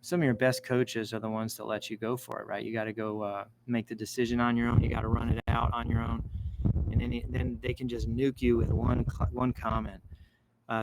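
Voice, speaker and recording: A rambling, enthusiastic man of medium pitch reads social media posts aloud as a show host. He meanders and interrupts himself with excited asides in casual commentary, captured on poor audio.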